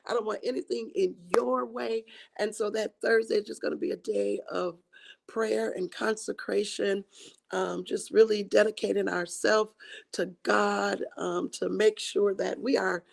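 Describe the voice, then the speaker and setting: A woman hosting a church women's livestream, her voice raspy and tired from singing, talking in an encouraging way with many fillers and restarts. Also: medium pitch, level tone, unhurried. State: hoarse from singing. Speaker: host of a women's ministry livestream.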